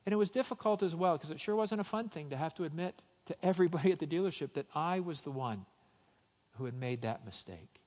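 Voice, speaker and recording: Man, pastor, sermon, storytelling turning emphatic, high voice, long church reverb. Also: animated, quick pace, a little mellow. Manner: storytelling, rising to emphatic exhortation.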